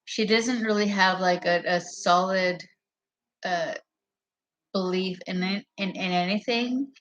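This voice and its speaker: A woman's voice: medium pitch, fairly even intonation, slow, fairly bright tone. A woman vlogger talking to her camera in a meandering, profane monologue that often loses its thread. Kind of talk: rambling casual monologue to camera. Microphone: camera mic.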